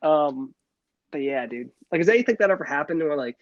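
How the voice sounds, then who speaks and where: Young guy rambling fast on a podcast, lots of restarts, kinda high voice, dull lo-fi sound. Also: expressive, dry recording. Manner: rambling, many restarts and fillers. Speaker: podcast co-host. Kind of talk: casual chat.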